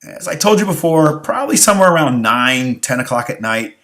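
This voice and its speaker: A man's voice: a little high, very animated, fairly quick, a bit bright. A tired male history teacher giving a review lecture, asking rhetorical questions and repeating key phrases. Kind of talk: recorded exam review lecture.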